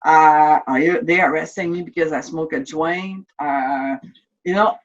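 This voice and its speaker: A woman's voice: sits low, fairly even intonation, unhurried. A French-native woman in her fifties giving an earnest, emotional personal testimony in an interview, often restarting and repeating words as she speaks. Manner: earnest, openly emotional recounting. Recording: distant, slightly dull mic sound.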